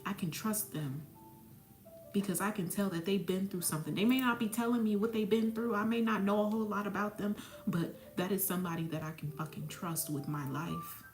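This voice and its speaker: A woman's voice: medium pitch, fairly quick. Woman, spiritual mentor, blunt, profane, preachy pep talk, roomy echo, faint music. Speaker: spiritual mentor and psychic medium. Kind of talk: casual motivational talk. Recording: echoey room, faint music behind.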